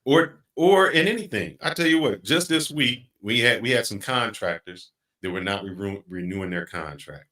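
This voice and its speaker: A middle-aged man hosting a podcast, speaking in an earnest, reflective way and slowing down to stress his points. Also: on the low side, expressive, pushed and bright. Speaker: podcast host. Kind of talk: casual podcast chat.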